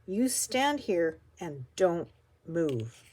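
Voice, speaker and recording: Grandma doing an exasperated dad. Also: female voice, fairly low pitch, very animated, very slow, a little mellow, breathy edge, full character voice. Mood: scolding. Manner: scolding, exasperated. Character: exasperated father, strict but soft-hearted.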